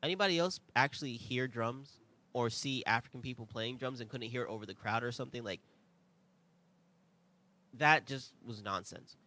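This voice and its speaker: A man's voice: mid-range voice, moderate pace, pauses often. A young man hosting a review show, talking casually and with strong opinions, full of asides and rhetorical questions. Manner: animated, rambling, conversational asides. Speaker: podcast host.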